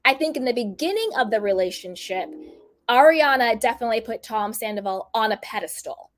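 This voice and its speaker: Chatty woman vlogger, kinda high voice, opinionated, acts out quotes. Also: expressive, brisk. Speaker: commentary vlogger. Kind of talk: casual opinion commentary.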